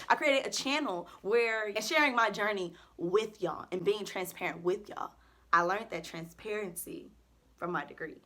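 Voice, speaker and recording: Bright-voiced young woman vlogging, earnest. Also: mid-range voice, moderate pace. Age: early 20s. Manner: emotional, earnest, faith-filled and chatty. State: close to tears at times. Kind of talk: casual heartfelt vent to camera.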